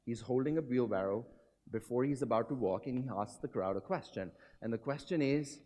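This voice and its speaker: A man giving a motivational business talk, telling a story and quizzing the audience. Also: brisk. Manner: animated, swings pitch and volume. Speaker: keynote speaker. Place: hotel conference hall.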